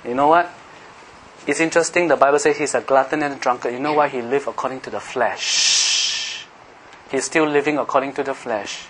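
A middle-aged man with a Singaporean English accent preaching an impassioned sermon, often rising to a shout. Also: mid-range voice, a little fast, a little hiss or hum, poor audio. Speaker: pastor.

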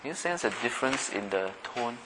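Heavy background noise surrounds this middle-aged pastor as he preaches a conversational sermon at a brisk clip. His medium-pitched voice is animated, and he often asks listeners questions and imitates everyday voices.

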